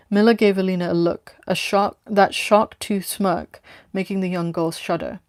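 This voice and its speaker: A woman reading her own story aloud with steady, plain narration. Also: on the low side, moderate pace, no echo, clean studio sound.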